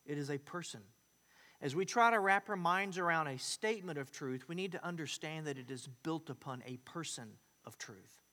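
High, bright-voiced preacher in a reverberant hall. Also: male voice, lively intonation, moderate pace. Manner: emphatic preaching, swinging from loud declarations to hushed asides. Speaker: pastor. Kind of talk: sermon.

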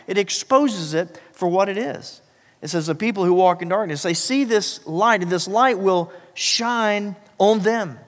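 A man's voice: animated, moderate pace. Man preaching in a reverberant hall. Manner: dynamic preaching, swinging from loud emphasis to hushed low passages. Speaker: pastor. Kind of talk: sermon.

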